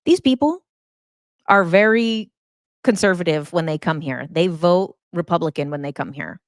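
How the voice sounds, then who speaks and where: A woman's voice: fairly low pitch, animated, normal speed, dry recording, clean studio sound. A woman host, talking in a casual, emphatic monologue full of fillers. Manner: chatty, emphatic, many fillers. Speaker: podcast host.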